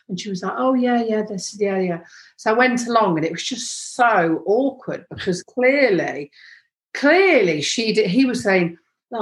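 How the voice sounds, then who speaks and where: A woman's voice: fairly low pitch, echoey room. A woman speaking frankly as a podcast guest in casual conversation, earnest, with many restarts. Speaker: podcast guest, sex expert.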